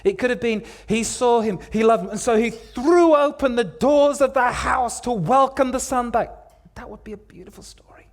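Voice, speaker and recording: Preaching in church, the man dramatizes the story, alternating whispers with loud passages and repeating words for effect. His voice is very high-pitched, and he keeps a moderate pace.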